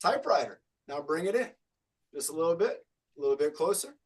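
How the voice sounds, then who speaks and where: A man's voice: on the high side, lively intonation, fairly quick, husky. A male fitness coach leading a live online group workout, upbeat and encouraging as he counts reps aloud.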